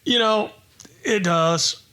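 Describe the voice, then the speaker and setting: Fifty-something guy co-host, high voice, blunt dry jabs, laid-back chat. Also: takes it slowly, a crowd in the background. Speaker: regular co-host. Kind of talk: casual chat.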